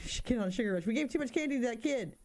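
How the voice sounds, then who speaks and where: A woman's voice: on the high side, fast, slight background noise. A woman in her thirties doing casual let's-play commentary, joking around and spooking easily. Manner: animated, jokey, easily spooked. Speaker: gaming streamer.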